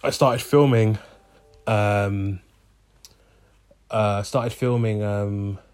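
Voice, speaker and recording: Young guy vlogging, kinda low voice, lots of ums and restarts, just rambling on. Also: steady tone, drawn-out words, darkish tone, smooth. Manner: rambling, many ums and restarts, self-correcting. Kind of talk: casual chat to camera.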